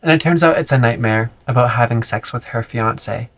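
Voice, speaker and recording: A man's voice: medium pitch, a little fast, fairly bright tone. A man giving a sarcastic, profane book recap in a casual vlog. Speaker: book vlogger.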